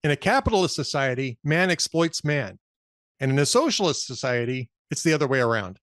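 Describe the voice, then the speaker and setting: Male host, casual political chat, wry joker, animated delivery, close dry sound. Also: medium pitch, brisk, no room sound. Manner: wry, telling jokes. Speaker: podcast host.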